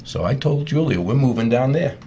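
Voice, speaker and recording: A man's voice: mid-range voice, animated, brisk, dark tone, a little hiss or hum, close to an everyday voice. A man playing a restless pioneer husband with a put-on New York accent, chatting in character. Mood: boastful. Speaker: costumed history performer. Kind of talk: in-character historical chat.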